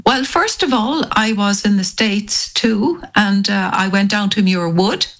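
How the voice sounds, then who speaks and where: An older woman with an Irish accent tells her story with lively energy, acting out the voices of the people she quotes. Her voice carries a gravelly, creaky edge. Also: mid-range voice, unhurried. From Ireland. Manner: animated, acts out quoted voices. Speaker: guest. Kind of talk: storytelling in an interview.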